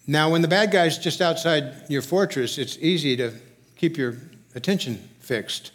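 A man's voice: fairly high pitch, a little slow, fairly bright tone. A man preaching a sermon as pastor, reading scripture aloud with rising, emphatic delivery. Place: church sanctuary.

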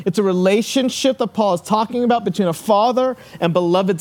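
A man preaching a sermon, earnest, slowing and dropping low on key words and acting out the people in his stories. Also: darkish tone. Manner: storytelling with acted-out quotes. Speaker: pastor.

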